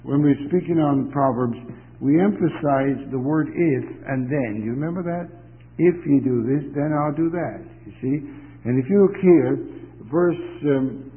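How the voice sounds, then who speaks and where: A man preaching a sermon, reading scripture slowly and rising sharply in emphasis on commands. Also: medium pitch. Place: chapel. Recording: tinny phone-like sound in a reverberant hall.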